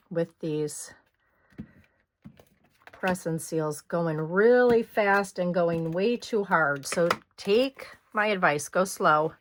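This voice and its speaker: A middle-aged woman hosting a hands-on scrapbooking tutorial, chatting casually as she works and clearing a slightly hoarse throat now and then. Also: fairly low pitch, a bit bright, slight background noise. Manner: chatty, talks while working, frequent throat clearing. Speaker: scrapbooking host.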